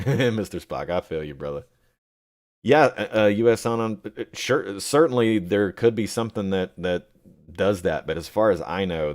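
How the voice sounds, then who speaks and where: A man hosting a live chat, answering viewers by name and rambling with many pauses and fillers. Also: low-pitched, darkish tone. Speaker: livestream host reading chat.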